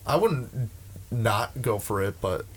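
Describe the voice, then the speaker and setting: A man's voice: fairly low pitch, expressive, slow, a little hiss or hum. Ranting profane young man. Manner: profane, ranting, with many restarts. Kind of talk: casual chat.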